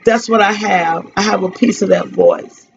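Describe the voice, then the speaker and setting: A woman hosting a radio tribute, grieving and tearful, speaking haltingly and repeating her phrases. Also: mid-range voice, creaky. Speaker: radio host giving a tribute. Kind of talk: emotional spoken tribute. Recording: dull lo-fi radio recording.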